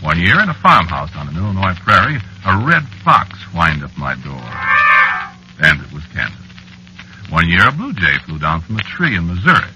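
A wistful ageless husband. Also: male voice, low voice, sing-song, moderate pace, music in the background, rough recording. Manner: wistful storytelling, flustered in dialogue. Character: ageless man married to a witch. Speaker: narrator and lead character. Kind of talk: old-time radio drama narration.

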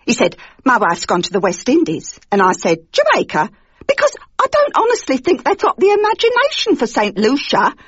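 Pompous english busybody, kinda husky, bit high, muffled dry radio sound. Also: female voice, wildly swooping pitch, normal speed, no room sound, heavily acted. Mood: gossiping. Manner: prattling, pompous, catty. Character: snobbish gossiping Englishwoman, self-important. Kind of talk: comic radio monologue.

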